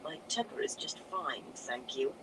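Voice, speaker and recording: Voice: medium pitch, expressive, unhurried, background noise, lightly acted. A reader voicing a stubborn, hot-tempered young woman who talks stiffly and growls her words.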